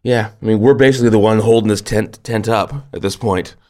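Deep-voiced man, teasing podcast banter. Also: steady tone, brisk, a little mellow. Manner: wry, teasing, rambling jokes. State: morning voice. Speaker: podcast co-host. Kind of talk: casual chat.

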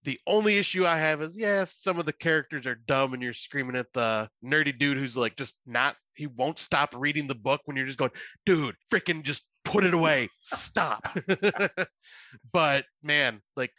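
Man, podcast co-host, bright tone, dry sound, lively storyteller. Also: on the high side, moderate pace, no room sound. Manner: animated storytelling, acts out quotes. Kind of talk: casual chat.

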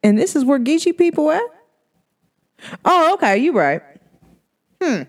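A woman telling stories in a casual podcast monologue, speaking with slangy, animated delivery and laughing often as she acts out what people told her. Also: high voice, a little slow. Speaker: podcast host. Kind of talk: casual spiritual storytelling monologue.

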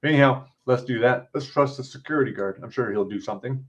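A man's voice: medium pitch, fast. A man, author and podcast host, reading his interactive story aloud with blunt, casual asides and free swearing.

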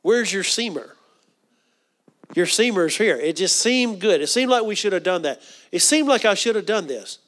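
A man's voice: high voice, lively intonation, moderate pace, a bit bright. A middle-aged man preaching a sermon. He often repeats words and asks the congregation questions. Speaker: pastor.

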